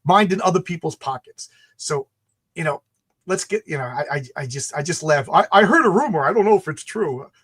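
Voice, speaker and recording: Animated high-voiced ranting man. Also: a little fast, breathy edge. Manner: animated, ranting, acts out quotes. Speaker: comic creator and channel host. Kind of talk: heated livestream conversation.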